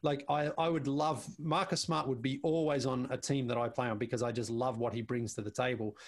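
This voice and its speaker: Male podcast guest, mid-pitched, rambling and chatty, slips into quoted voices. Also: fairly even intonation, fairly quick. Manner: chatty, repeats words, acts out quoted speech. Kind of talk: casual conversation.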